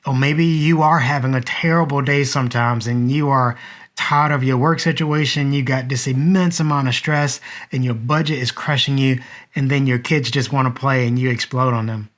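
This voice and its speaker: A man's voice: mid-range voice, fairly even intonation, normal speed, fairly bright tone. Man in his 30s, vlogger and dad, earnest reflective storytelling straight to camera. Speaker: vlogger and father.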